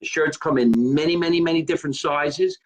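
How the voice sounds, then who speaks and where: A man's voice: fairly high pitch, steady tone, brisk, rough recording. A man hosting his own live stream, chatting casually and joking in a rambling way. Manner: chatty, rambling, joking about being Italian. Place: his home.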